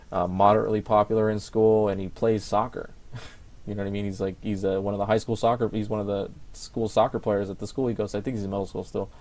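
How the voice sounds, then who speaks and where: A young man co-hosts a podcast, rambling in casual chat with plenty of fillers and restarts. His voice is lowish and a little mellow.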